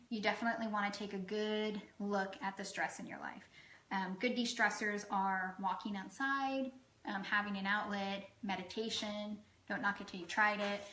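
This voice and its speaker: A woman's voice: mid-range voice, fairly bright tone, roomy sound, poor audio. A woman health coach giving a casual educational talk to the camera, chatty and full of "um" fillers, with self-deprecating asides.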